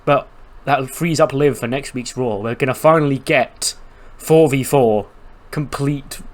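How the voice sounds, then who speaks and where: A man's voice: mid-range voice, unhurried. A man casually narrating his game playthrough, chatty and storytelling with lots of fillers. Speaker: game streamer.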